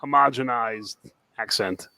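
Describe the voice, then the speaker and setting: A man from New Jersey hosting a comedy podcast, playful and quick to laugh. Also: mid-range voice, vocal fry, bright, forceful tone, no echo. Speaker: host.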